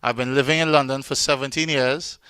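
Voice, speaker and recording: A man's voice: mid-range voice, fairly even intonation, a little fast, bright, forceful tone, clear, resonant tone, no room sound. A man with a Trinidadian accent hosting an online celebration, chatting loosely and joking, with plenty of fillers, over a video call. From Trinidad and Tobago. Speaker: event host. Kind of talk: casual online event hosting.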